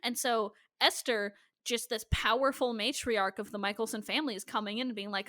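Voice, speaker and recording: A woman's voice: a little high, steady tone, fairly quick, hardly any pauses, a bit bright, no room sound. A young woman co-hosting a podcast, chatting casually and profanely about a TV show and laughing often. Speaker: podcast co-host. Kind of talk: casual recap chat.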